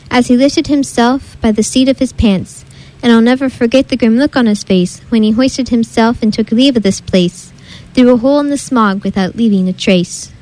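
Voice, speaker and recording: High-voiced woman reading rhyme aloud. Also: low-quality recording. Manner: rhythmic, sing-song rhyming delivery. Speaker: reader. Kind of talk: storybook read-aloud in rhyme.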